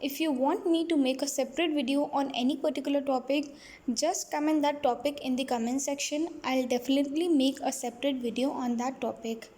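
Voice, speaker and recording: A woman's voice: sits high, brisk. A woman reading out study notes in a plain listing manner. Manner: reads headings and definitions in a flat list. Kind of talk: read-aloud lecture notes.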